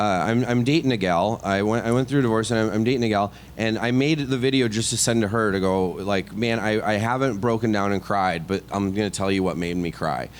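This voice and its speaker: A middle-aged man, a stand-up comedian, telling a story on a podcast in a casual, animated, self-deprecating way full of asides and restarts. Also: on the low side, a little hiss or hum. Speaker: comedian guest.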